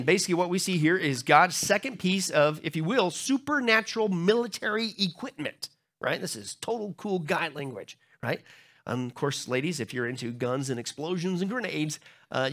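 A man's voice: on the high side, fairly bright tone. A man preaching a sermon as pastor, emphatic and joking, often asking the congregation rhetorical questions.

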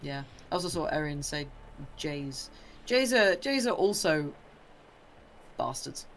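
Chatting loosely on a livestream, this British co-host rambles, shares strong opinions, and breaks into brief asides imitating birds. The voice is medium in pitch, expressive and fairly bright, with slight background noise.

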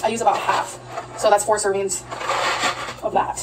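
A woman's voice: mid-range voice, little pitch movement, moderate pace, recorded from a distance. A woman rambling chattily to her viewers in a casual cooking and eating vlog. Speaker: vlogger. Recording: noisy audio from off-mic.

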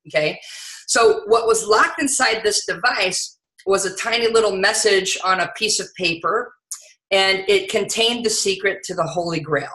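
A woman giving an energetic, conversational sales training talk, often saying "you know". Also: mid-range voice, reverberant, low-quality recording.

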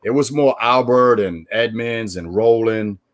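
A man from New York swaps animated, profane stories from his baseball days in a loose, casual chat. He keeps jumping into quoted voices as the story rolls on. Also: medium pitch, a little slow. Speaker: former baseball player, guest.

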